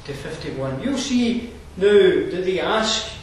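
A man preaches in a high-pitched voice, earnest and chatty, with asides and fillers. He is picked up from a distance in a church hall. Strong echo rings around him, with faint noise underneath. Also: lively intonation, slow pace. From Scotland. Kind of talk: sermon. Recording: roomy distant hall mic.

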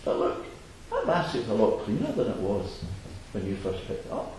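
A kindly, amused fisherman as a preacher puts him on coaxing a child along. He speaks genially with chuckles and a lively rise and fall. A strong hall echo surrounds him. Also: lowish voice, moderate pace, a little hiss or hum, pitched below the performer's own voice. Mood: gently wise. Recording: echoey hall.

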